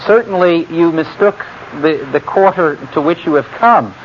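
A man teaching scripture in a loose, chatty way, wandering into personal stories and asides. His voice sits fairly high for a man. The recording sounds dull and lo-fi, with a faint hiss underneath. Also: normal speed. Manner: conversational, digressive, many fillers and asides. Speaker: Bible teacher. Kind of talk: informal Bible lecture with anecdotes.

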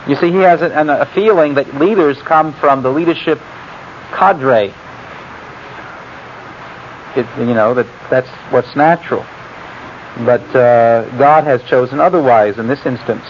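A man's voice: mid-range voice, measured pace, long pauses. A man giving an informal Bible lecture, talking in a digressive, conversational way with asides and fillers. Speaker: Bible teacher. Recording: muffled lo-fi recording with faint hiss.

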